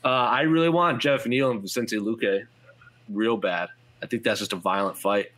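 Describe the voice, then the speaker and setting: A man talks casually on a podcast, filling his speech with little fillers as he runs through a list of upcoming fights. His voice is bright and ringing. He sits at a microphone with headphones on. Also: on the low side. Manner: rambling, quick lists of fights with many fillers. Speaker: MMA podcast host. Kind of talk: casual chat. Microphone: headphones and studio mic.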